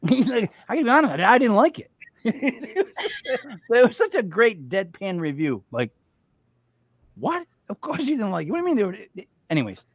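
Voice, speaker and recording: A man hosts a podcast, talking in a fairly high, very lively voice. He jokes and rambles in a loose, casual way. The recording is dry and close. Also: normal speed, no echo. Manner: animated, joking, rambling. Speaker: podcast host. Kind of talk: casual chat.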